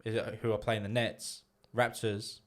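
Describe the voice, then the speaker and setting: Low-voiced Australian man hosting sports chat. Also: level tone, normal speed. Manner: laid-back, steers the talk between topics. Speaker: podcast co-host.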